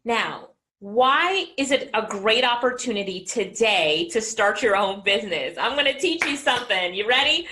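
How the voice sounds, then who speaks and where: This is an energetic motivational speech from a middle-aged businesswoman coach addressing people online, with plenty of questions aimed at listeners. She talks at a moderate pace in a fairly high pitch.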